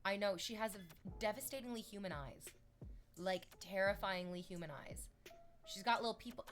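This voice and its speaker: A woman's voice: medium pitch, normal speed, faint music behind. A woman streamer chatting casually and sarcastically, reading chat messages aloud.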